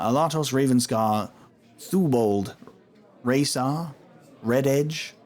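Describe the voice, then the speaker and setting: A man's voice: mid-range voice, expressive, a little slow, pauses often. Playful male game streamer. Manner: playful, laughs often, reads dialogue aloud. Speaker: gamer. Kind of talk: playthrough commentary.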